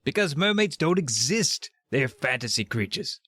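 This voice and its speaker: A man voicing a formal scientist uncle with a put-on Scottish movie-star accent, speaking in a measured, unhurried way. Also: medium pitch, very animated, pushed and bright, breathy edge, dry recording, clean studio sound, exaggerated voice. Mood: earnest.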